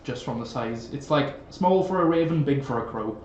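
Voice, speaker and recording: A man's voice: mid-range voice, lively intonation, normal speed, slight background noise. A man, casually narrating as game master with many fillers. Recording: echoey room, dull sound.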